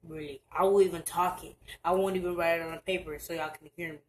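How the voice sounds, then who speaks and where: A woman's voice: lowish voice, steady tone, a little hiss or hum, low-quality recording. Earnest young woman vlogging advice. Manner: earnest, halting, with many restarts. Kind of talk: casual advice vlog. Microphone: camera mic, looking down at screen.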